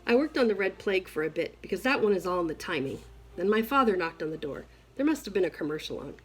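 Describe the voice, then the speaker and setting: A woman's voice: lowish voice, fast talker, husky, low-quality recording. Woman reading a novel aloud. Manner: expressive, first-person storytelling. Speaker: reader.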